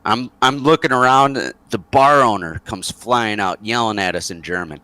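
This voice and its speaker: Casting: low-pitched man, animated storyteller, rambling, dry close sound. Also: normal speed, dry recording. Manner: rambling, lively, chuckling, many fillers. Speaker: interview guest, former soldier. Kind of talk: casual storytelling.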